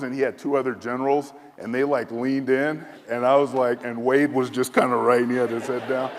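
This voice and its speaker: A man in his fifties giving a speech as a military leader, telling a self-deprecating anecdote in a lively way from a podium in a large hall. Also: medium pitch, brisk, few pauses. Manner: lively, self-deprecating storyteller who acts out quoted voices. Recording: echoey hall.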